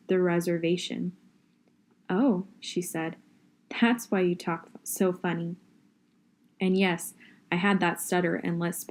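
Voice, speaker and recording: Woman reading a novel aloud, mellow. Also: lowish voice. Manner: steady first-person storytelling. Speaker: reader.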